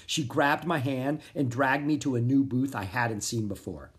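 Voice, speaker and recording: Lively, expressive children's book reader. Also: mid-range voice, moderate pace, few pauses. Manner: expressive, animated. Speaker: audiobook narrator. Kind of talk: storybook read-aloud narration.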